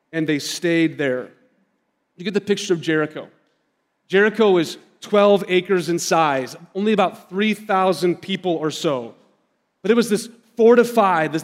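There's a big-room sound to this man's high-pitched voice as he preaches in a church sanctuary. He's a pastor in his thirties, and his sermon has a conversational storytelling style aimed directly at the congregation.

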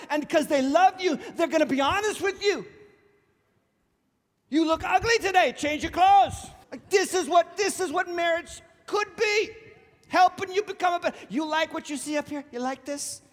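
A middle-aged male pastor preaching a sermon in an animated, joking way, with sarcastic asides. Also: very high voice, moderate pace, long reverb tail. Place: church sanctuary.

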